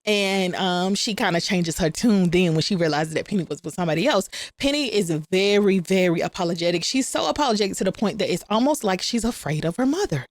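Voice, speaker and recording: A woman's voice: mid-range voice, expressive, brisk, few pauses, no room sound. Woman, casual storytelling recap, chatty, slangy, plays the characters' lines, dry close sound. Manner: chatty, addresses viewers as y'all; playfully acts out the characters' lines. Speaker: recap channel host.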